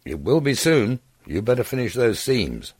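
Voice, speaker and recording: Older man, anxious and careful, put on by the male narrator; lively, husky. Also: medium pitch, moderate pace, no room sound, voice pushed up.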